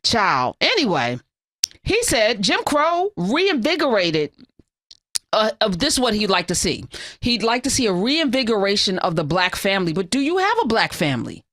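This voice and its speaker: A woman's voice: medium pitch, big pitch swings, moderate pace, a bit bright, dry recording. A woman hosting a talk radio show, delivering fiery, sarcastic, scolding commentary into a studio microphone.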